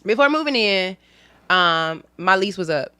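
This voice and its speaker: A woman telling a long personal story in a studio, her bright, smooth voice jumping into the lines of the people she quotes. The room is dry and close. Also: medium pitch, measured pace, no echo. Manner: animated storyteller acting out quoted dialogue. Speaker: guest comedian. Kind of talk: storytelling in casual chat.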